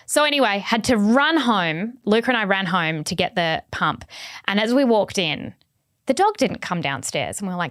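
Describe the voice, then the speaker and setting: A woman's voice: mid-range voice, big pitch swings, normal speed, fairly bright tone, no echo, clean studio sound. A woman in her thirties with an Australian accent, co-hosting a casual chat podcast and telling a story animatedly, acting out her own quotes. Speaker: podcast co-host.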